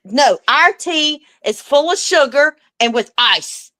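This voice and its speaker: A woman talks on a video call, sassy and emphatic. Her voice is high and bright with a forceful ring. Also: lively intonation, slow pace, no echo, low-quality recording. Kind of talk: casual live-stream chat.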